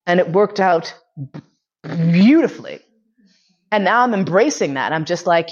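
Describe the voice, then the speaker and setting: A woman's voice: medium pitch, big pitch swings, normal speed, long pauses. A woman hosting a podcast, telling a personal story in a candid, chatty way and filling her talk with "like.". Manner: candid and chatty, many "like"s, bursts of laughter. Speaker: podcast host. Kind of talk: casual confessional storytelling. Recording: slightly muffled lo-fi recording.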